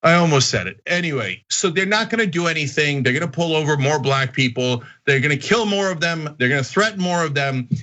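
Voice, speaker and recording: A man hosting a political commentary show, talking straight to his viewers in an animated, indignant way. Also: fairly high pitch. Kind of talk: heated opinion commentary.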